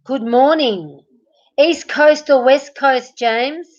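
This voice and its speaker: A woman's voice: sits high, takes it slowly, dull audio. An Australian woman chatting on a live stream from her bed at night, greeting viewers and reading their comments aloud. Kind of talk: casual live-stream chat.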